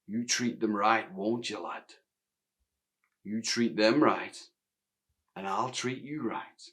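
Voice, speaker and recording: A man's voice: lowish voice, slow, fairly bright tone. A commanding, proud horse-loving factory owner, put on by a man with a Northern Irish accent. He speaks raised and firm, as in a one-man stage play.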